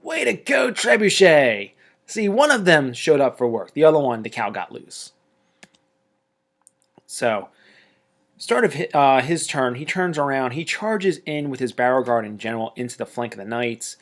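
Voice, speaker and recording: A man narrating a tabletop wargame battle report in a casual, chatty way, with excitable jokey asides. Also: medium pitch, moderate pace.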